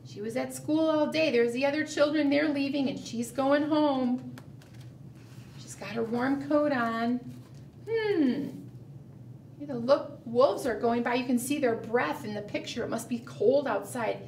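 A woman librarian reading a picture book aloud at a preschool storytime, gentle and sing-song, asking the children questions. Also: sits high, normal speed, roomy sound, recorded from a distance, slight background noise.

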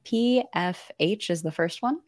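A woman's voice: on the low side, a little slow, no echo, studio quality. A woman hosting a podcast, asking guiding questions in a casual, giggly way. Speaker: podcast host.

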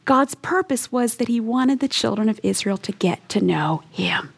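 Woman Bible teacher, slightly high voice, earnest and emphatic delivery. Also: expressive, moderate pace, creaky, slightly rough. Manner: earnest and emphatic, leaning into key words.

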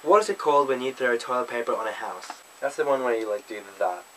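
A man's voice: medium pitch, animated, fast talker, fairly bright tone, slight background noise, poor audio. A young man from Australia with an Australian accent, casually reading a word list and answering questions with playful, self-mocking asides. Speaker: vlogger. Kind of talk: casual accent tag video.

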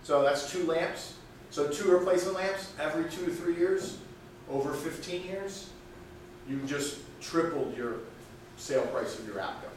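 A man's voice: on the high side, normal speed, slight background noise. A man running a product sales training session, upbeat and chatty, recorded from a distance in a reverberant room. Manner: upbeat, chatty, laughs between points. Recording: echoey room, mic far off.

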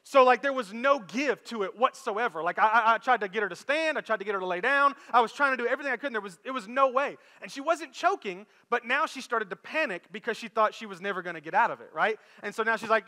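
A middle-aged man, preaching a sermon and telling a story in a loose, conversational way that climbs to animated peaks. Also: very high-pitched, fast, hardly any pauses. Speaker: pastor. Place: church sanctuary. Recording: long reverb of a church hall with faint music.

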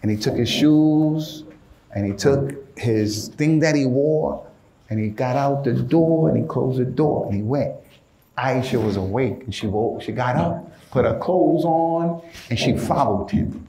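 A male preacher giving an informal, animated sermon in casual street slang, often calling his listeners "man". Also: mid-range voice, a little slow, roomy sound.

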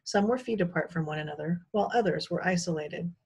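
A woman teacher reads a children's chapter book aloud with calm, measured pacing. Her voice is slightly husky and sits a bit low. She narrates steadily between the characters' lines.

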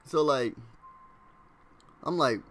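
A young man casually telling a story to his vlog audience. He rambles in slang, fills his speech with "like", and acts out classmates' lines in quick impressions. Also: on the high side, a bit bright.

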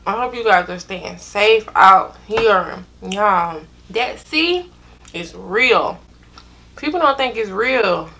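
A young woman, telling a storytime to her viewers in an animated, drawn-out way. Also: mid-range voice. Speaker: vlogger. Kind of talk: casual storytime chat.

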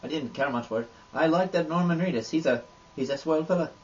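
A man voicing a crude, boastful Irishman in a put-on Irish accent, rambling in deadpan. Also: on the high side, quick pace, natural voice. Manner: rambling absurd deadpan monologue. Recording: dull lo-fi audio with faint noise.

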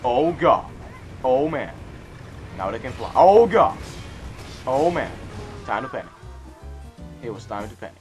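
A man's voice: medium pitch, expressive, normal speed, pauses often, faint music behind. Goofy young man mumbling over gameplay. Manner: goofy, rambling, swings between loud outbursts and mumbling. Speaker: let's play commentator. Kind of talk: casual gameplay commentary. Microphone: cheap microphone with hiss.

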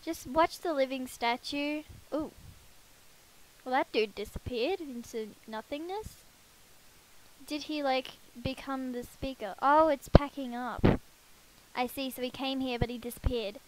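A woman's voice: high voice, measured pace, a little mellow, a little hiss or hum, low-quality recording. A woman giving casual, chatty commentary while playing a life-sim game, talking to her characters and poking fun at herself. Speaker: let's play gamer. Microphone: headset.

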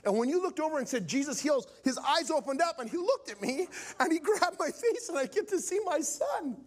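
A man's voice: high-pitched, lively intonation, moderate pace, gravelly, heavily acted. A man voicing a grown son who urgently repeats himself, overwhelmed with emotion.

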